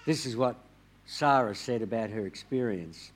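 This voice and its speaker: A man preaching a sermon, telling a story in a measured way and dropping his voice quietly on key words. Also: on the low side. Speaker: pastor.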